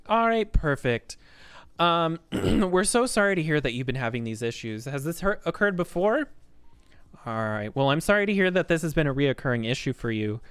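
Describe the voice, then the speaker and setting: A man's voice: a bit bright, clean tone, dry recording. A man putting on a chipper phone-rep voice. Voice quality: high, stays on a single note. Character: chipper male customer service phone rep.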